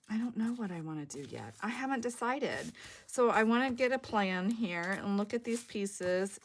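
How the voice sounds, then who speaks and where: A woman whose throat is sore and whose voice cracks now and then. She talks in a chatty, rambling way, thinking aloud as she works through a crafting tutorial. Her pitch sits in an ordinary middle range. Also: fairly bright tone, a little hiss or hum. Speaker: junk journal crafter on a design team.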